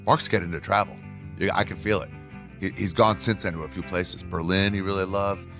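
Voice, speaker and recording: A man's voice: low voice, steady tone, a little fast, music in the background. A man hosting a podcast sign-off and then telling a crude, rambling stand-up story. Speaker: podcast host and comedian.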